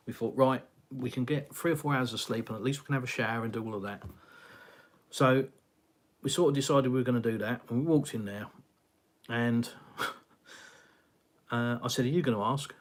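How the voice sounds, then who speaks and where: A man's voice: mid-range voice, a little hiss or hum. Rambling English man hosting a live chat. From England. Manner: rambling, conversational, frequent fillers and sighs. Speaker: live stream host. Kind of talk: casual live chat reading viewer comments. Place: home, in Russia.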